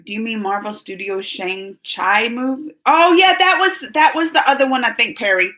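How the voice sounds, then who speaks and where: A woman in her forties hosting a live stream, talking to her chat in an animated way and repeating herself as she calls chatters by name. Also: fairly high pitch, normal speed, rough recording. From United States. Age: 40s.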